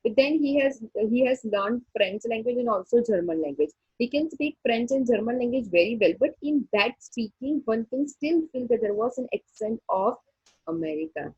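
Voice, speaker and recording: A woman, teaching a story and explaining each line slowly, repeating points and checking with "okay". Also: on the high side, animated, a little mellow, slightly rough, no echo, highs cut off. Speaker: English teacher. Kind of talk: classroom lesson explaining a story.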